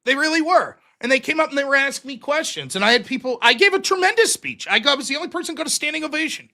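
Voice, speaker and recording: Male American streamer, casual profane monologue, high bright voice. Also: racing, creaky. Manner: profane, animated storytelling. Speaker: streamer and show host.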